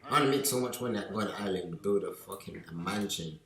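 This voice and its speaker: A young man talks in a low, deep voice, loose and full of slang. He gets lively when he acts out his friends. The room around him is echoey. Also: quick pace, a crowd in the background. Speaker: podcast co-host. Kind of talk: casual chat.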